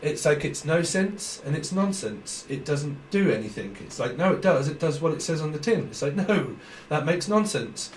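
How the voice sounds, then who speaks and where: A man's voice: fairly high pitch, expressive, moderate pace, hardly any pauses. A man with a British accent giving a casual, rambling tarot reading, thinking aloud and laughing often. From Britain. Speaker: tarot reader. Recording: roomy echo, slightly distant mic, faint noise.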